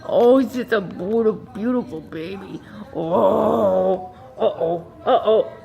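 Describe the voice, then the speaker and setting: A woman's voice: medium pitch, slow, gravelly, mellow. A woman chatting to her pet bird in a home video, cooing in baby talk with frequent giggles.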